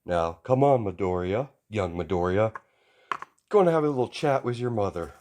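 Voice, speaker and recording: Brief: man voicing a loud, upbeat hero, strict but friendly, fan audio story. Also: on the low side, expressive, normal speed, close to an everyday voice. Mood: stern jovial. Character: booming cheerful male hero, strict but jovial. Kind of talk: amateur voiced fan story.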